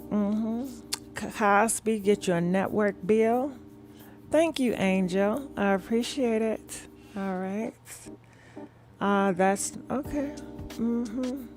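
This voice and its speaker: Slow, soft-spoken woman gossip host. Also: medium pitch. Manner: calm, soft-spoken talk instead of her usual yelling; chatty, with many fillers like "all right" and "mm-hmm". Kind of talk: casual live-stream chat, reading viewer comments.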